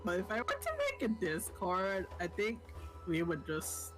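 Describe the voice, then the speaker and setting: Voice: mid-range voice, normal speed, rough recording. A stream guest chatting casually, bubbly and laughing a lot, rambling and cutting themselves off. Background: faint background music.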